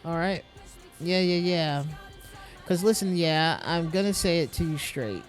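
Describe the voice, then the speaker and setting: A streamer voicing a chummy young male gamer customer, loud and full of slang. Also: medium pitch, measured pace, soft background music, close to an everyday voice. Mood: chummy, pushy. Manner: laddish slang, calls everyone mate. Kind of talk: reading game dialogue aloud.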